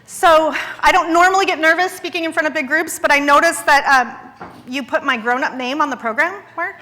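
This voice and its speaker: Woman in her forties, bright and high-pitched, candid and wry, speaking in a reverberant hall. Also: a little fast. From Idaho, USA. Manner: earnest and candid, with wry self-deprecating humor. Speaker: guest speaker at a charity gala. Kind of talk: public speech. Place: large event hall.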